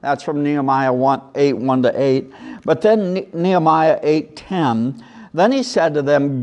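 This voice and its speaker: A male pastor preaching a sermon with lively emphasis, reciting and chanting scripture lines. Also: on the high side, a little slow.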